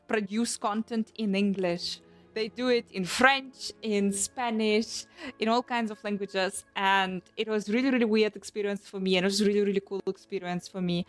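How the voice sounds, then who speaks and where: A young woman chatting casually on a live stream, animated and swearing often as she restarts her sentences. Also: mid-range voice. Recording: faint background music.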